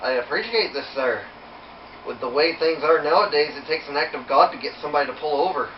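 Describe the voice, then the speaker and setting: A man's voice: fairly high pitch, lively intonation, a little fast, echoey room, recorded from a distance, lo-fi sound, slight background noise, close to an everyday voice. A man putting on a chatty Irish drifter. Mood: friendly. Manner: chatty, folksy, drops "me" for "my". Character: friendly male Irish drifter hitchhiker.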